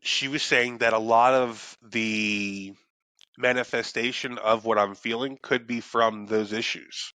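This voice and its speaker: A young man with a bright, forceful voice talks casually on a podcast, rambling and cursing, often restarting his thoughts. The sound is dry and close, with no room around it. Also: medium pitch, steady tone, a little slow, no echo. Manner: rambling, swears freely, restarts sentences. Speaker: podcast co-host. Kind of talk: casual chat.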